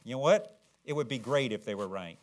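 A man preaching a sermon, swinging from low, earnest tones to loud, dramatic, acted-out shouts. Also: lively intonation, fairly quick.

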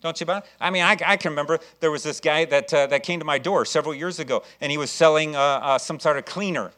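A pastor with a fairly high voice preaches quickly, telling stories full of fillers and repeated words, acting out voices and joking with the congregation. His enthusiasm climbs until he's loudly exhorting his listeners.

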